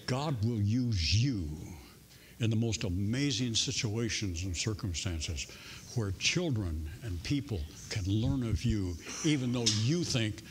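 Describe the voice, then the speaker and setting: A man preaching a sermon in a church in a folksy, humorous way, with soft music faintly behind him. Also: on the low side, animated, measured pace, slight background noise. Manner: folksy and humorous, playing out voices in stories. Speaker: pastor. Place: church sanctuary.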